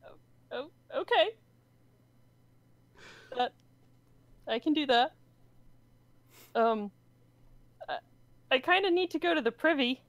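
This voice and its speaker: A woman's voice: sits high, expressive, slow pace, long pauses, dry recording. A woman playing a tabletop game, hesitant and giggly, often stumbling over her words. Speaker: player.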